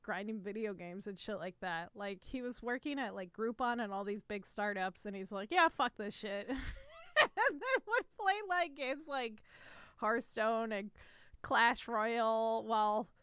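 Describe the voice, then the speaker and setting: A woman's voice: fairly high pitch, expressive, unhurried, a bit bright, smooth, dry recording, clean studio sound. A woman co-hosting a gaming podcast, chatting casually with lots of fillers and swearing. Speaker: podcast co-host.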